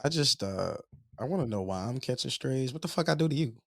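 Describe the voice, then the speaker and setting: A man with a lively, swooping voice, pitched slightly high, drives home his opinions by saying them again and again. The sound is dry and close, like casual podcast banter. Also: brisk, vocal fry, no room sound. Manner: emphatic, repetitive, swearing sports takes. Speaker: podcast co-host.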